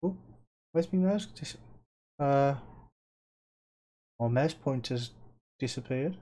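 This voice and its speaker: A man from Birmingham, England, with a Birmingham accent, streams a game live, chatting casually with viewers, reading their messages aloud, and laughing often. His mid-range voice is dark in tone and he takes it slowly.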